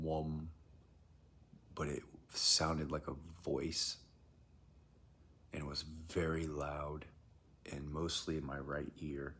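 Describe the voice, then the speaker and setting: A man with a very deep, gravelly voice tells of something strange that happened to him. He talks in a loose, rambling way, full of fillers and restarts. He often sinks into a husky near-whisper. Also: bright, forceful tone. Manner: rambling, hesitant, drifts into whispers. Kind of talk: casual first-person account.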